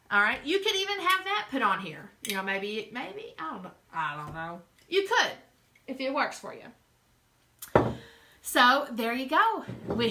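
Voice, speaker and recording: A woman with a Southern US accent hosts a craft show as a casual live-stream demo, chatting and rambling straight to her viewers while she works. Her voice sits high, and there is background noise.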